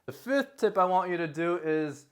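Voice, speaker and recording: A man's voice: high-pitched, normal speed, clean tone. A young man casually giving tips to the camera in a rambling, self-correcting way, gesturing with his hands as his volume rises and falls. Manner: rambling, self-correcting, lively delivery with varied loudness. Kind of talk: casual talking-head advice vlog. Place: indoor room, recording himself. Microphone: camera facing him.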